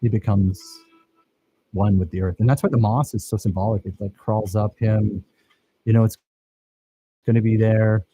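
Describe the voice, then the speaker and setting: A man's voice: on the low side, fairly even intonation, normal speed, pauses often, dark tone, husky, low-quality recording. A man teaching a filmmaking workshop, talking casually and enthusiastically over his own footage and praising his students.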